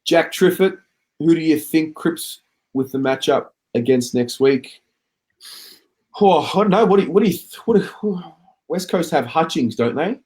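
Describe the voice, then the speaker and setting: A man's voice: on the high side, lively intonation, unhurried, a little mellow. A man hosting a casual footy chat show, reading out viewer comments and chatting along. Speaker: podcast host reading comments.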